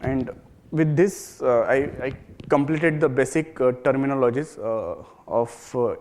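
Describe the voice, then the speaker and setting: A man giving a technical conference talk, halting, with frequent fillers and restarts. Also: medium pitch, a little mellow. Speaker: conference presenter.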